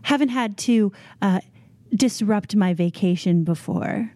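Woman player, warm mellow tone, breezy and playful. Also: medium pitch, unhurried, no room sound. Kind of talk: tabletop role-play.

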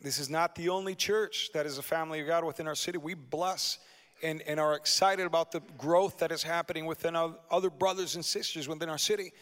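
A man pastor preaching a lively sermon in a church, asking the congregation rhetorical questions. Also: fairly high pitch, fairly quick. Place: church sanctuary. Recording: long hall reverb.

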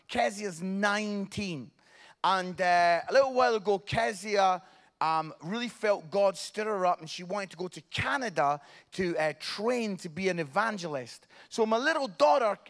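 Animated high-voiced Scottish preacher. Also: male voice. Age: middle-aged. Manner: animated, swinging from hushed to near-shouting. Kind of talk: humorous sermon storytelling.

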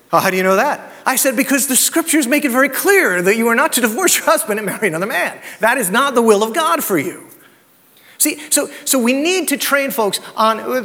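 A man's voice: extremely high pitch, a bit bright. A man preaching a sermon as pastor, mixing scripture with personal stories and rhetorical questions. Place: church sanctuary. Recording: long hall reverb.

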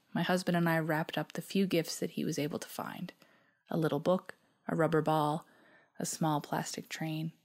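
In a deep voice, a Newfoundland woman reads out a personal reflection of her own. Her manner is soft, reflective and measured, at times sinking close to a whisper.

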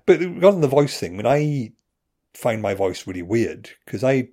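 A man's voice: medium pitch, very animated, moderate pace, dark tone, slightly rough. A Welsh man in his thirties chatting casually as a podcast co-host, rambling with frequent restarts and chuckles. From Wales. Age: 30s. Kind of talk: casual chat.

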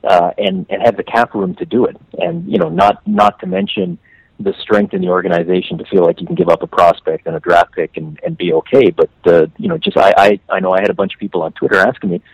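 A man from Canada talking hockey on a podcast, animated and full of restarts, his pitch leaping on stressed words. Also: fast talker, vocal fry, slightly rough, no room sound, poor audio. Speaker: hockey writer guest. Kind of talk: casual podcast chat.

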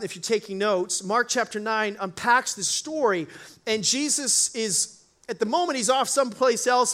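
A man preaching a sermon as pastor, telling a Bible story and acting out the voices in it. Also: high-pitched. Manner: animated, acts out Bible voices.

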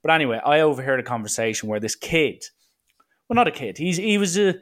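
A man's voice: on the high side, quick pace. Ranting Irish man telling a story. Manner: animated, exasperated, mocking and profane. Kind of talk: casual anecdotal rant.

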